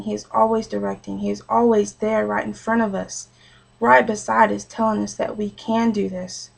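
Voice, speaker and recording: A woman's voice: medium pitch, gravelly, rough recording. A young adult woman giving a short sermon as a personal story, earnest and conversational, with frequent fillers.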